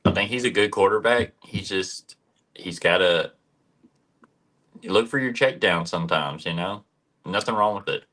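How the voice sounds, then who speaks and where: A man with a very low voice offers short, easygoing comments on a sports podcast. He keeps things relaxed and conversational. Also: normal speed, long pauses. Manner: brief, laid-back comments. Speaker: podcast co-host. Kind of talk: casual sports podcast chat.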